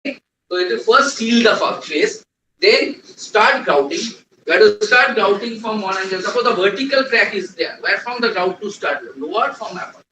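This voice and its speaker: High, bright-voiced trainer. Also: male voice, animated, normal speed, a little hiss or hum. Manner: quizzes the class, repeats key points. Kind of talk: classroom lecture. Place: lecture hall. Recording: echoey room, distant mic.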